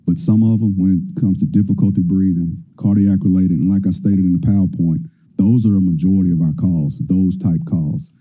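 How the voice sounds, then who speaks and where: A male fire department official calmly answering budget questions at a public hearing. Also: sits low. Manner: measured, explanatory. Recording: tinny phone-like meeting audio.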